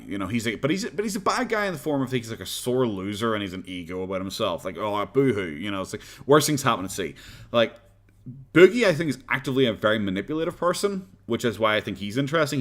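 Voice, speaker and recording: A man's voice: fairly low pitch, fairly bright tone. A young man from Northern Ireland, a live streamer chatting casually with viewers in a rambling, blunt, profane way with frequent chuckles.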